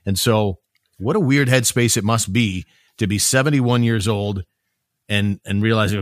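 Male podcast co-host, low-pitched, dry booth sound, easygoing rambling delivery. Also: normal speed, no room sound. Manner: conversational, musing with filler "like". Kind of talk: casual sports chat.

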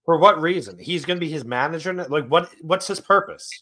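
A man's voice: fairly high pitch, a little fast, sharp tone. A man co-hosting a podcast in casual chat, teasing and asking playful questions. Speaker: podcast co-host.

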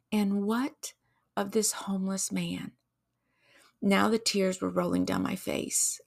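A woman hosting a devotional podcast, talking earnestly and emotionally, telling a story slowly and putting questions to her listeners. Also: medium pitch, creaky, fairly bright tone. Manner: preacherly, asks listeners questions. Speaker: podcast host.

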